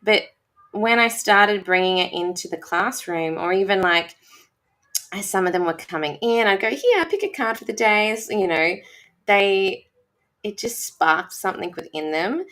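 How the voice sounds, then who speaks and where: A teacher speaks in a casual conversation, enthusiastic and a little rambling. Her voice is fairly low for a woman. She circles back and restarts as she looks for the right words. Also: unhurried, a bit bright.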